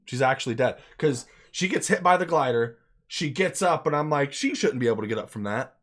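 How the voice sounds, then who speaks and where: In a loose, unplanned take on a movie, a man talks with excited emphasis, dropping plenty of curse words and repeating himself to stress points. The voice is mid-range and the delivery fairly quick.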